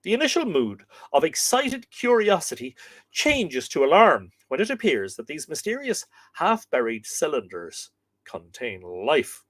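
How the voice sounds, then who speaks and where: An Irish man hosting a live show, reading a book chapter aloud with dramatic pauses and slower quoted passages. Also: fairly high pitch, wildly swooping pitch, a bit bright, no room sound.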